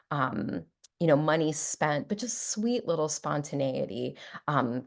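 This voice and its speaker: A middle-aged woman with a low, gravelly voice gives a talk as a psychologist. She speaks in a playful, warm way and slips into brighter tones when she acts out example phrases. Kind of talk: presentation to an audience.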